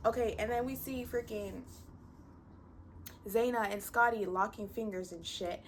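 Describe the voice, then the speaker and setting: A woman's voice: medium pitch, fairly even intonation, measured pace, a little hiss or hum. A woman giving a blunt, profane, exasperated recap of a reality show. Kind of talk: casual ranting recap.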